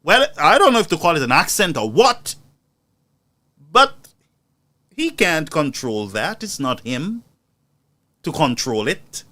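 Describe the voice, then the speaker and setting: A man's voice: on the high side, sing-song, takes it slowly, long pauses, bright, forceful tone. Indignant male commentator. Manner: indignant, mocking, rhetorical. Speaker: news commentary host. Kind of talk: impassioned political commentary.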